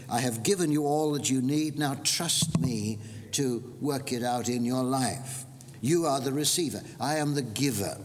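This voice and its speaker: Male preacher, mid pitch, measured expository delivery, long reverb and faint hiss. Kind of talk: sermon.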